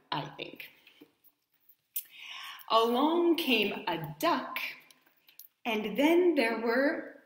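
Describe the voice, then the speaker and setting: A woman from New York State telling a counting rhyme story to children, gentle and playful, with a slow sing-song delivery. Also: mid-range voice. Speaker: storyteller and dance educator. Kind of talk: children's story time with movement. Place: home in Italy, echoey room. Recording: echoey room.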